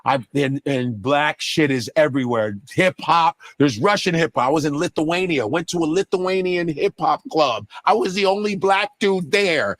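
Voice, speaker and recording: A comedian guest in casual chat, talking in an animated, profane way. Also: male voice, fairly high pitch, normal speed, few pauses, no echo. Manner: animated, profane, slips into mock voices.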